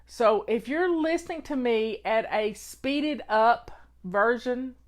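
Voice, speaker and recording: Her voice is a little high and her pace slow; she's a Southern United States woman with a Southern accent. Hosting a home-organizing live show, she chats casually and dispenses folksy, motherly advice.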